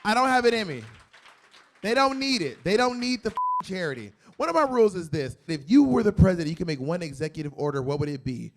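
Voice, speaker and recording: A man's voice: sits high, animated, fast talker. Brash stand-up comic man. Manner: brash, boastful and blunt, with sudden loud jumps. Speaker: stand-up comedian. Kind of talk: stand-up comedy with audience Q&A. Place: comedy club in San Diego.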